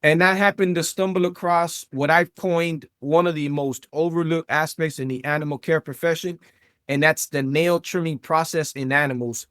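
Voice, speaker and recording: A man in his thirties with a South Florida accent, a podcast guest telling his story in a lively, chatty way with many fillers. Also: a little high, moderate pace, dry recording, clean studio sound. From South Florida, USA. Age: 30s. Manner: animated storyteller, many fillers, addresses listeners as guys. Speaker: podcast guest, vet tech and entrepreneur. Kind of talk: casual interview chat.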